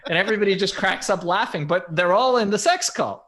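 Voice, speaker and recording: Animated man telling stories on a podcast. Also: high-pitched, moderate pace. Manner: animated, vivid storyteller with lots of fillers. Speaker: podcast co-host. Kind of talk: casual storytelling chat.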